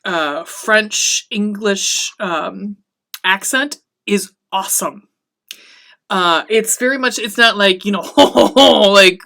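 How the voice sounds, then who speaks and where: A woman hosting a podcast, recapping a TV episode in casual, profane chat and acting out the characters' lines. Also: medium pitch. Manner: chatty and excitable, swearing often, acting out the characters' lines.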